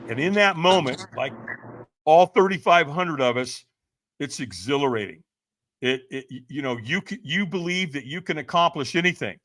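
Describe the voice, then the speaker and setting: A man's voice: a little high, expressive, normal speed, fairly bright tone, a little hiss or hum. A man, a podcast guest, telling a dramatic story, acting out quotes and often checking in with "right?". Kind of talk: animated storytelling.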